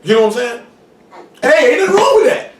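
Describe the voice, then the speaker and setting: Man, street preacher, high voice, slangy, shouts for emphasis, distant mic, faint hiss. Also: very animated, fast. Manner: street slang, repeats "you know what I'm saying", shouts for emphasis. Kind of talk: informal sermon. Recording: roomy hall, mic far off, faint noise.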